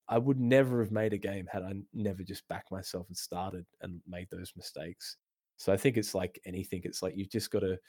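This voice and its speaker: A man's voice: fairly low pitch, a little mellow, no room sound, studio quality. A man, an indie game developer, talking casually and at length in a podcast interview, with restarts and self-deprecating asides. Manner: rambling, self-deprecating, frequent restarts and laughs. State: losing his voice.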